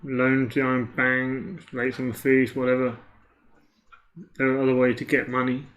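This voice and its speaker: A man's voice: medium pitch, monotone, normal speed, fairly bright tone. A British man co-commentating a card game match in casual chat, with dry jokes and offhand asides.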